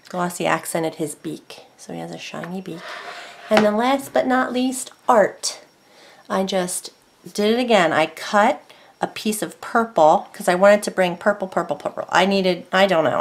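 Rambling woman showing her crafts. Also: lowish voice. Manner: rambling, lots of fillers and self-corrections. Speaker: craft vlogger. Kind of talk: casual craft show-and-tell.

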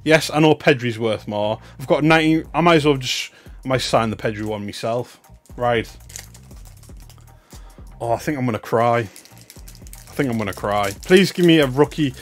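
A young man giving excitable, chatty commentary on a live stream, swinging between loud bursts of hype and muttered asides. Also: mid-range voice, normal speed, long pauses, faint music behind. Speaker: livestreamer opening trading cards.

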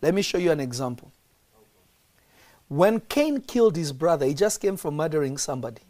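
A man's voice: fairly high pitch, sing-song, a little fast, warm tone. A man preaching as a prophet on a podcast, stressing and repeating key lines and quizzing his listeners.

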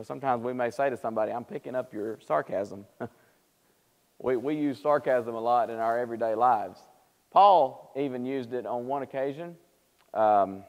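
A man teaching a Bible class, casual and conversational, who livens up when he acts out what people said. His voice sits at an ordinary middle pitch. It rings with the long reverb of a church hall on a live stream. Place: church auditorium.

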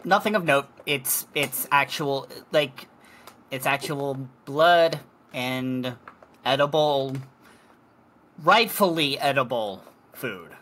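A game master narrating a tabletop scene in a measured, halting way. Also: mid-range voice, a bit bright.

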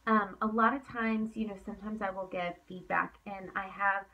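A woman's voice: mid-range voice, fairly even intonation, normal speed, recorded from a distance, phone-quality sound. A woman giving a motivational coaching talk to her sales team. She is emphatic, repeats points for effect, and is tired from talking late at night. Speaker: team leader.

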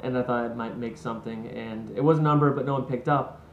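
A man's voice: mid-range voice, steady tone, fast talker, echoey room, dull audio, a little hiss or hum. A man hosting a casual vlog, chatty and rambling, poking fun at himself. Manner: chatty, rambling, self-mocking. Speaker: vlog host. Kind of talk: casual talk to camera.

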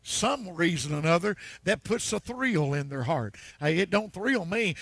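High, gravelly folksy preacher man. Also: lively intonation, normal speed, hardly any pauses, a bit bright, no echo. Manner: folksy storytelling preacher, frequent amens. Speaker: pastor. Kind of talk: sermon. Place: church.

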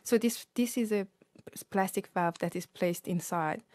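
A woman researcher being interviewed on radio, explaining her work in a measured, careful way. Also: medium pitch, darkish tone, dry recording. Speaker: researcher guest.

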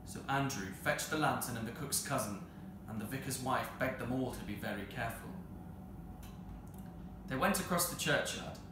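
A man reading a children's novel aloud as a storyteller, expressive and measured. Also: mid-range voice. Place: arts centre hall. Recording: roomy hall with faint noise.

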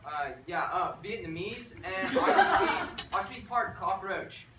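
In a live improv scene, a young man with a high, animated voice plays a clueless bro who runs a community college language department, rambling slowly with lots of likes and ums. He's picked up from far off on an echoey stage, with heavy background noise.

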